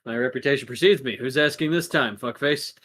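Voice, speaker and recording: A man voicing a cocky, swaggering male dragon hero in a tabletop game, brash and loud. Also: medium pitch, a little fast, slight background noise, lightly acted.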